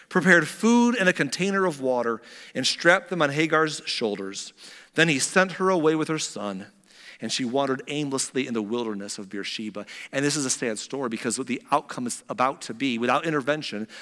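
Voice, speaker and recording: Man preaching in a reverberant hall. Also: on the high side. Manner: storytelling with dramatic swings between loud and hushed. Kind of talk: sermon.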